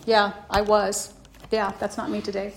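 A middle-aged woman speaks at a recovery meeting, recounting her own story with liveliness and playing out her reactions as she quotes what she said. Her mid-range voice moves at an ordinary pace and has a creaky quality, with a faint hiss or hum behind it.

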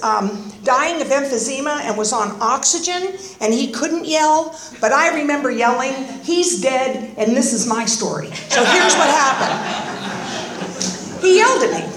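An older woman from Northern California shares her story at a recovery meeting, wry and self-deprecating, full of chatty asides. Her voice is high, and the sound rings in an echoey room. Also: a bit bright. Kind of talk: personal storytelling talk.

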